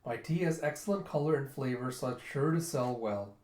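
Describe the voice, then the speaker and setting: A man voicing a cheerful young woman who grows tea, with a bright, eager delivery. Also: medium pitch, expressive, fairly quick, lightly acted. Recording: roomy echo.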